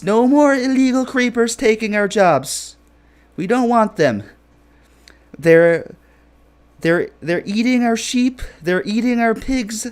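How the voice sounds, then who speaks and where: A man voicing a pompous, blustering male politician who rants loudly and repeats himself. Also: on the high side, pitched above the performer's own voice. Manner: shouty, repetitive, boastful rant.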